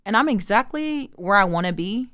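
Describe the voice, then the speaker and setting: A woman, telling her story as an interview guest in an animated way, acting out quotes and using lots of fillers. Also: mid-range voice, normal speed. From Sydney, Australia. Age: 20s.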